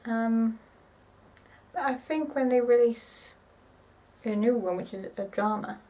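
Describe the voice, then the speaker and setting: A woman in her twenties chatting casually to camera in a rambling, excitable way, often correcting herself. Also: a little high, slow, far from the mic, poor audio. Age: 20s. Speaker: vlogger.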